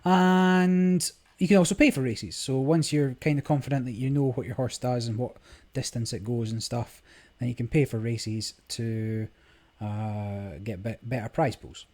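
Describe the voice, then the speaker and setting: A man's voice: medium pitch, fairly even intonation, unhurried, darkish tone. A man giving casual, rambling commentary on his screen recording, with many fillers. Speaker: gaming vlogger. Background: game music.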